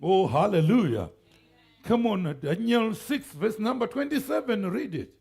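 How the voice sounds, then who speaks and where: Pastor guy, high lively voice, slow delivery, shouts and laughs, real churchy call-and-response. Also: gravelly, breathy edge. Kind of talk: sermon. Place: church sanctuary.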